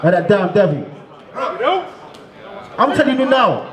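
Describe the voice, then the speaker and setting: High-pitched shouting street preacher man. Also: sing-song, a little slow, long pauses. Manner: shouting, calls on the crowd to answer; repeats "you understand?". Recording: echoey, crowd noise behind.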